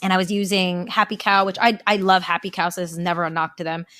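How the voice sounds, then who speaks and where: A woman's voice: fairly low pitch, flat delivery, quick pace, pushed and bright, dry recording. Candid, chatty woman on a podcast. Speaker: guest, event founder. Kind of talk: casual podcast interview storytelling.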